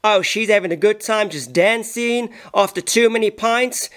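A man giving playful, excitable comic voice-over commentary. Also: high-pitched, moderate pace. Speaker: voice-over narrator.

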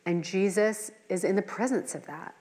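A middle-aged woman teaches a Bible study in an earnest, conversational way. She mixes scripture reading with personal asides and rhetorical questions. Her voice sits at a medium pitch and rings in a hall with long reverb. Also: moderate pace, darkish tone. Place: church hall.

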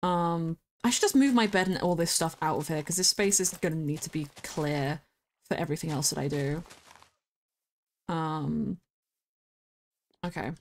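A woman streamer giving casual gameplay commentary, chatty and quick to get excited, squealing at the animals she meets. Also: low voice, slight background noise.

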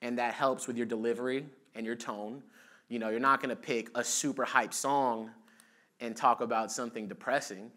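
A man's voice: mid-range voice, steady tone, normal speed, bright, forceful tone. A young man presenting a casual, chatty talk at an event, with a lot of fillers. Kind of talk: conference talk. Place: event stage.

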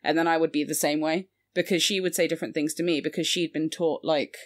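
A woman's voice: sits low, steady tone, fast talker. A young woman in her twenties, a Spanish teacher, chatting casually and laughing often with many fillers. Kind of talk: casual podcast chat.

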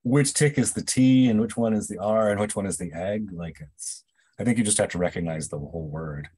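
A man's voice: fairly low pitch, brisk, warm tone, husky, no room sound. A man taking part in a reading group, asking tentative questions in casual talk.

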